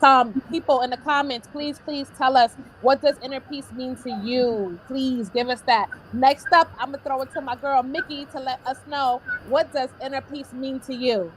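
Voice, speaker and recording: A woman's voice: sits high, fairly even intonation, moderate pace, few pauses, slight background noise. A woman hosting a live online panel talk, upbeat and encouraging as she moves between guests. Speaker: host.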